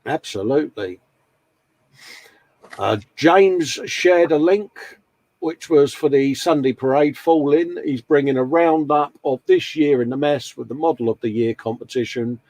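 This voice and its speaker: This live-stream host has a fairly high but darkish voice, measured in pace and recorded with no echo. Friendly and chatty, he rambles on and calls people mate.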